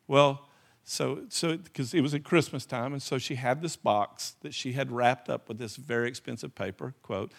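A man preaching a sermon, telling stories in a rambling, animated way and often restarting his sentences. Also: medium pitch, vocal fry. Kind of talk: sermon with storytelling.

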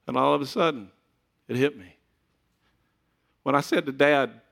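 A man's voice: medium pitch, moderate pace, vocal fry, pauses often, a bit bright. A middle-aged man preaching a sermon in a conversational way, with joking asides to the congregation. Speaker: pastor.

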